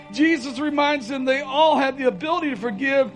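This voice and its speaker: A man delivers a sermon in a strikingly high voice, talking in a folksy, conversational way. He leans into repeated phrases when he wants to drive a point home. Faint music plays quietly behind him. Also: brisk, rough recording. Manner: folksy, rising to urgent emphasis with repeated phrases. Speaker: pastor.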